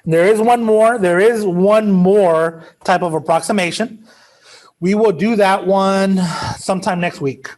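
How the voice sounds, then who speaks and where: A man's voice: sits high, a little slow, a little mellow. A male math teacher giving a classroom lecture in a casual, joking way, drifting into chatty asides.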